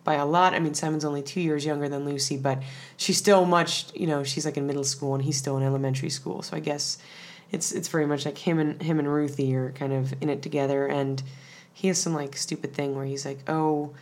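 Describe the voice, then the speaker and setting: Low-voiced chatty woman co-host. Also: level tone, brisk, darkish tone. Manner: chatty, rambling, many "like" fillers. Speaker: podcast co-host. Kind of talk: casual recap chat.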